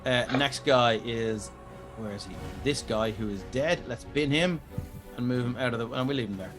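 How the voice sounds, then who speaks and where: A man narrates a tabletop battle as game master in a loose, profane, casual way, dropping vocal sound effects between rolls. His voice sits at an ordinary middle pitch, with faint music under him. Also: normal speed.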